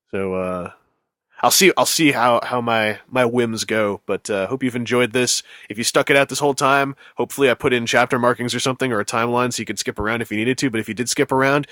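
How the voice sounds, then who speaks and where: A man's voice: fairly low pitch, fairly bright tone, no echo. Man, podcast host, casual chat, rambling, dry sarcasm, dry close mic.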